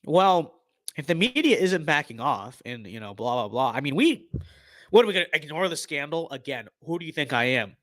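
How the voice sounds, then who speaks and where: A man's voice: a little high, big pitch swings, a little fast, a bit bright, no room sound, studio quality. A young man streaming a game, giving casual, playful commentary with mock-political banter while he thinks aloud.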